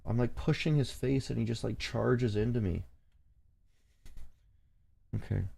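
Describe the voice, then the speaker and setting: Shooing his cat and talking to chat, a man rambles profanely through chart readings on his casual forex trading stream. He speaks a little slowly at a medium pitch, his voice creaky, mellow and husky.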